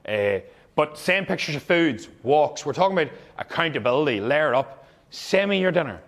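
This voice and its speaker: A man's voice: fairly high pitch, sing-song, normal speed, a bit bright. A young man, a fitness coach, giving blunt, heavily profane, emphatic advice to fellow coaches.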